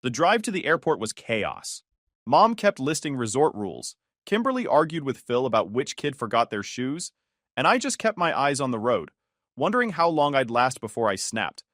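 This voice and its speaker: A man telling a first-person story with dry, sarcastic bite. His pitch moves in a lively, animated way, and the recording is close and dry with no room sound. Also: normal speed, dry recording.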